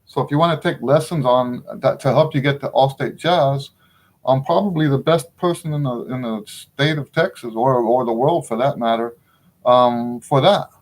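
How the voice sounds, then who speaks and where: A man's voice: medium pitch, normal speed. A middle-aged man teaching trumpet in a casual spoken lesson, frank and opinionated, often checking in with the listener.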